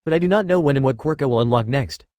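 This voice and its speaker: A brash young sword fighter who curses freely, read by a man. He rushes through his lines at a brisk clip. The sound is dry and close. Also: medium pitch, lively intonation, a little mellow, no echo, natural voice. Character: young male swordsman hero, blunt and profane.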